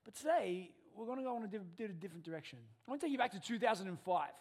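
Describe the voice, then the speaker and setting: A man in his thirties, a pastor preaching a sermon in a church and telling animated stories. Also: high-pitched, very fast. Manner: animated storyteller, acts out family dialogue.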